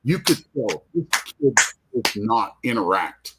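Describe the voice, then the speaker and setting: A man's voice: on the low side, very animated, takes it slowly, background noise. A man hosting a comic art show, telling a rambling, heartfelt story in casual chat. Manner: rambling, heartfelt, restarts often. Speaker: comic artist host. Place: convention booth.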